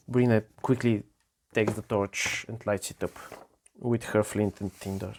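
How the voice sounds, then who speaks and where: A man's voice: lowish voice, steady tone, darkish tone, slight background noise. A man narrating his own solo tabletop adventure, describing dice rolls and actions with frequent restarts. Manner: unhurried, halting narration. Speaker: solo game player and narrator.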